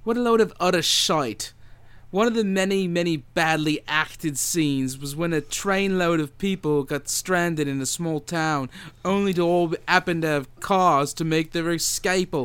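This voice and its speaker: A man's voice: fairly high pitch, a little slow, fairly bright tone, smooth, no echo, voice pushed up. A man reading a review aloud in a put-on British accent. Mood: scornful.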